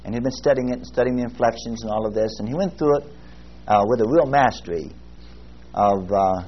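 A man leads a Bible class, speaking in an earnest, halting way, full of ums and restarts. His voice sits at an ordinary middle pitch. The recording is muffled and lo-fi, with faint hiss underneath. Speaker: Bible teacher. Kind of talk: Bible class teaching with prayer.

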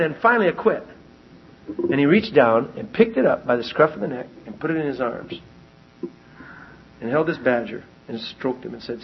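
A man preaching a sermon, telling stories with lively animation and repeating lines for emphasis. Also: medium pitch, normal speed, creaky, pauses often, breathy edge. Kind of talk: sermon with personal storytelling. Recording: dull lo-fi recording.

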